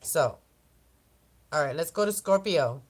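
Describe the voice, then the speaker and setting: A woman's voice: deep voice, animated, unhurried, breathy edge. A woman doing a casual oracle card reading for the zodiac signs, chatty and rambling, often laughing and tripping over words. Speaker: tarot and oracle card reader.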